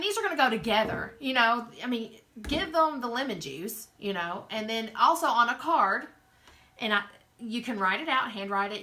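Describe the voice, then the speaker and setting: Chatty Southern woman, bright voice. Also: a little high. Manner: chatty, rambling, talks straight to viewers. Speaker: craft show host. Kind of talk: casual live-stream craft demo.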